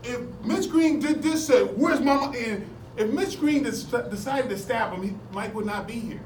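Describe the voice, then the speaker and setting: A man telling animated stories to a seminar class, laughing often as he talks. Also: very high-pitched, moderate pace. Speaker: martial arts seminar instructor. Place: indoor seminar room at a convention. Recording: echoey room, distant from mic, background noise.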